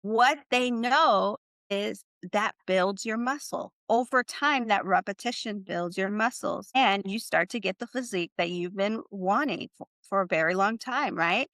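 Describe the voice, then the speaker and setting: A woman teaching in a podcast lesson, chatty, checking in with "right?" and "okay?", slowing down to model phrases for the learner to repeat. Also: mid-range voice, fairly bright tone, no echo. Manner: slows down to model phrases for repetition. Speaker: Spanish teacher.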